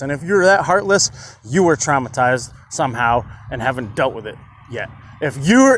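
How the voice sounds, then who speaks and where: A man's voice: fairly high pitch, a bit bright, a little hiss or hum. A man talking bluntly to his viewers in a casual monologue, swearing often and asking "do you understand?" again and again. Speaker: commentary vlogger.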